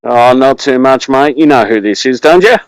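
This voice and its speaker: A man's voice: medium pitch, expressive, moderate pace, clean tone, no echo, rough recording. A man with an Australian accent, calling in to a live show for a casual chat and swearing freely in laid-back slang. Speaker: caller.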